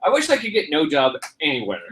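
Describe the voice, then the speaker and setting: A man doing improvised stage comedy, delivering his lines in a halting, offhand, deadpan way. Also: on the high side, distant mic, a little hiss or hum, rough recording. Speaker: comedy performer.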